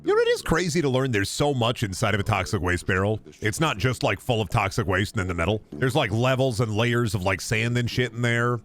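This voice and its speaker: Young man, gaming stream commentary, joking, sudden high yelps, animated delivery. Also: brisk, few pauses, slight background noise. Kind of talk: casual gameplay commentary.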